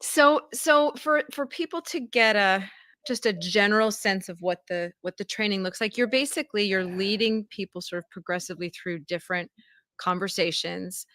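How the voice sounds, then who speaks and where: A woman interviewing a guest, summarizing and explaining in an easy way with soft fillers. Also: mid-range voice, normal speed, no echo. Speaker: interviewer in an archived video. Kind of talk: interview talk.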